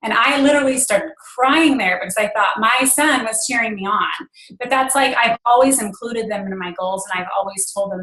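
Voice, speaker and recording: A woman's voice: medium pitch, fairly quick, a bit bright, reverberant, poor audio. A woman in her thirties, a guest speaker on a team call, telling a personal story in an earnest way with many fillers. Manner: earnest, emotional at times, filler-heavy.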